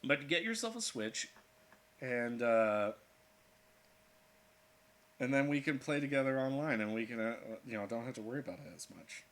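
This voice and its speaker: A man's voice: mid-range voice, lively intonation, normal speed, long pauses, fairly bright tone. A man hosting an art livestream, joking and talking through each step of his drawing. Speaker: art streamer. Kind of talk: casual livestream commentary while drawing.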